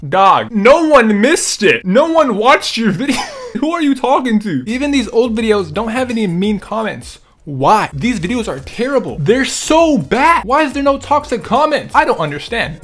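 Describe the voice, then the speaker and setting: High-voiced playful young man. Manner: playful, mock-offended, laughs often. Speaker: gaming YouTuber. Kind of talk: reading comments to camera.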